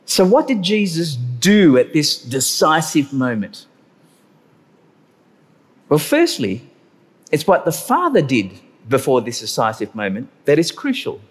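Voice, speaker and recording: Animated preacher man in a reverberant hall. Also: a little high, husky. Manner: animated, stretches key words slowly for emphasis. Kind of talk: sermon.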